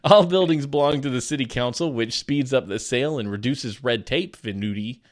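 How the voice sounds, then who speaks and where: A man's voice: mid-range voice, normal speed. A man co-hosting a podcast, reading a news story aloud and chatting casually, laughing often as he tells stories. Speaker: podcast co-host.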